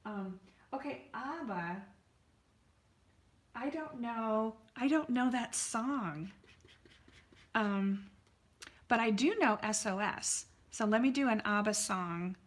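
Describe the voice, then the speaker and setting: A woman's voice: on the high side, slow pace, pauses often. Chatty woman artist on a live stream. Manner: chatty, answers viewers' comments, many fillers. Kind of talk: casual live-stream chat while painting.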